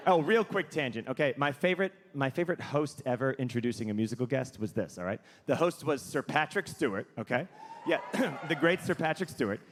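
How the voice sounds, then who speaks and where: A man's voice: medium pitch, brisk. A man in his thirties doing stand-up comedy, telling stories and acting out characters. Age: 30s. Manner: animated storytelling, acts out characters. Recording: echoey hall with faint noise.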